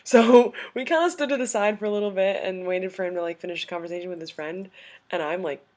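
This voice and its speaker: A young adult woman telling a story in a casual vlog, gushing and excitable, full of "like" and "um". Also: medium pitch, quick pace. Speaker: vlogger.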